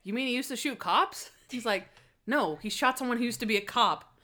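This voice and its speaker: A woman co-hosting a relaxed podcast, talking in a somewhat high voice. She retells scenes with lively energy and acts out lines as she goes, laughing often. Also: brisk. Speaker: podcast co-host. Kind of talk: casual chat recapping a TV episode.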